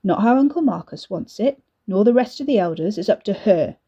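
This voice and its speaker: A woman's voice: medium pitch, lively intonation, brisk, mellow, husky, dull audio. A woman voicing a swaggering, threatening young man who sneers and curses at his siblings, in a storybook reading. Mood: menacing. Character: menacing swaggering young man, bully brother.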